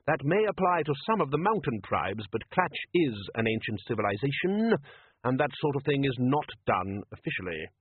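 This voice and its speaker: A man voicing a cunning, aloof male ruler who speaks slowly and with dry irony in a spoken story. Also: mid-range voice, big pitch swings, slightly rough. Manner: measured, ironic, slow and deliberate. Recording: dry, tinny phone-like sound.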